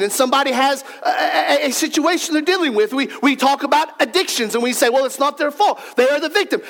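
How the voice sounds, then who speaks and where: A man's voice: very high voice, fairly bright tone, slight background noise. A man pastor preaching a sermon, emphatic and repetitive, using rhetorical questions and reading scripture aloud.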